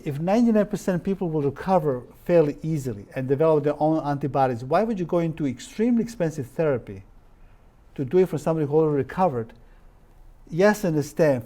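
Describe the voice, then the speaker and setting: A man giving an informal lecture as a naturopathic doctor, halting with many fillers and restarts, often turning to the audience with rhetorical questions. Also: on the high side, dark tone.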